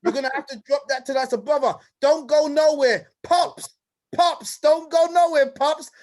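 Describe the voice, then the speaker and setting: A man from the United Kingdom hosting a live online event with lively, hyped-up energy, often calling people "brother" and "King.". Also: very high voice, normal speed. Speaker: host and presenter.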